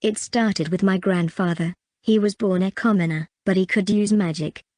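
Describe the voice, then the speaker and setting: A woman voicing a calm, knowledgeable noblewoman mage who explains things plainly, in an audiobook. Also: mid-range voice, moderate pace, no echo, studio quality, close to an everyday voice.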